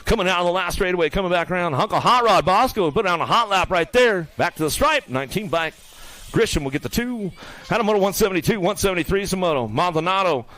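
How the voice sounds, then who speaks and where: A man calling live BMX races in rapid play-by-play, throwing out nicknames for riders and teasing them as they finish. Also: high-pitched, lively intonation, fairly bright tone. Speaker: race announcer. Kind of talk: live BMX race commentary. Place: outdoor BMX race track.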